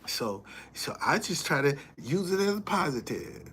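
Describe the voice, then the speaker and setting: A man's voice: on the high side, big pitch swings, normal speed, a bit bright, slight background noise. A man hosting a casual live stream, talking earnestly, repeating himself and thanking viewers as he goes. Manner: shows items to the camera while talking.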